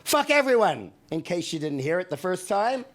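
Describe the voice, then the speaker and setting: A man's voice: high-pitched, very animated, normal speed, voice pushed up. A man voicing God as a boastful, contemptuous deity fed up with humanity, in a performed poetry reading. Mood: scornful, boastful. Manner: grandiose and contemptuous.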